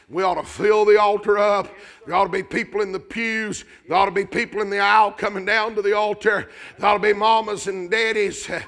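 A man preaching a fervent revival sermon, shouting in a rising cadence. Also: sits high.

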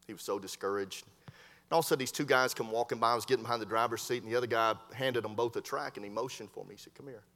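A man preaching a sermon as a Baptist preacher, telling stories with lively voiced dialogue. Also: medium pitch, racing. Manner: storytelling preacher, animated voices in quoted dialogue. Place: church hall. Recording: long hall reverb from a church sanctuary.

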